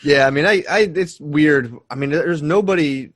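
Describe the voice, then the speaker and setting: A man co-hosting a podcast, joking and swearing in relaxed conversation. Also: on the high side, moderate pace. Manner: joking, profane, laughs easily. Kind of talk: casual podcast banter.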